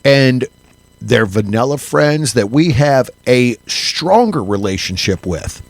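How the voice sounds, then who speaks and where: Podcast co-host, man, gravelly and animated, stumbles and restarts, dry studio sound. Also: mid-range voice, no echo. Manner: animated, halting restarts, laughs often. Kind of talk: casual chat.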